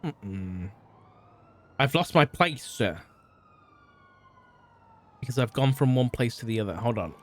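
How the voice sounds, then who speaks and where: A man's voice: medium pitch, lively intonation, slow, long pauses. A man streaming, reading a fan story aloud, stumbling and restarting often, with side remarks to chat.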